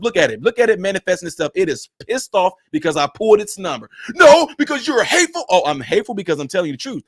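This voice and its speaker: Streaming online, a male minister talks in a high-pitched voice with a preachy rhythm, hammering points through emphasis and repetition. The audio has no echo and studio quality.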